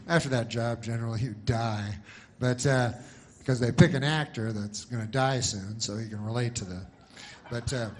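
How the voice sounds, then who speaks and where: Male comedian with a meandering, deadpan delivery that drifts and stalls on purpose. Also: mid-range voice. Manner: meandering, halting, full of fillers and dry asides. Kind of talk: rambling deadpan stand-up storytelling.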